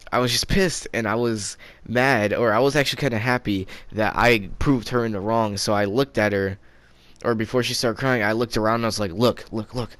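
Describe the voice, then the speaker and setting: A man's voice: lowish voice, fairly bright tone, smooth, no echo. A teenage boy telling a storytime vlog in a rambling, profane way, often restarting his sentences. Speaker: vlogger.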